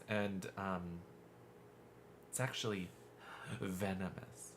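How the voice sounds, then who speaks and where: A man's voice: low-pitched, takes it slowly, long pauses, fairly bright tone, a little hiss or hum. A man streaming a horror game live, chatting in a gushing, campy way as he plays. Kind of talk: live gameplay commentary. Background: game music.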